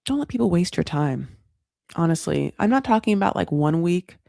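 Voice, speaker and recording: A woman's voice: lowish voice, animated, moderate pace, creaky, warm tone, no echo, studio quality. A woman hosting a casual reality TV recap, chatty and frank, swearing freely and putting on dramatic voices when she quotes people. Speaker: recap show host.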